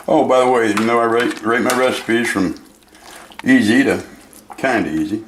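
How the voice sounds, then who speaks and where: A man's voice: lowish voice, moderate pace, background noise. A man hosting a home cooking show, joking and rambling in a folksy way as he makes a dish. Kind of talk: casual home cooking demo. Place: home kitchen. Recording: echoey kitchen, clear clatter of dishes.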